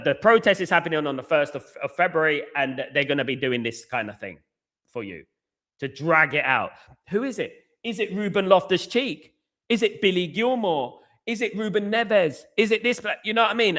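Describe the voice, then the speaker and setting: This young British football podcast host has a highish, bright, forceful voice. On a fan live stream he reads out viewer comments and rants at length, repeating himself and frequently saying "at the end of the day".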